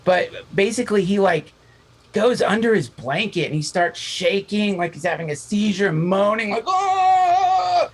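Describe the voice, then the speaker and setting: A man, a podcast guest, telling a long story in casual chat, animated and profane, acting out the voices of the people in it. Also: high-pitched, normal speed, low-quality recording.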